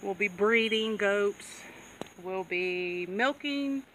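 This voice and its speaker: Slow-talking woman outdoors on a farm. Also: medium pitch, fairly bright tone. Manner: chatty, laughs often, coaxes animals. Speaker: goat farmer vlogger. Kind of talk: casual farm vlog. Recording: distant outdoor mic, background noise.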